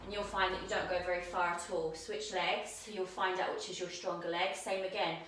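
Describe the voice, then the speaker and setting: A woman teaching a yoga handstand class, giving calm step-by-step cues while she demonstrates, somewhat out of breath. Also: lowish voice, a little fast, a little hiss or hum. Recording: very echoey room, mic at a distance.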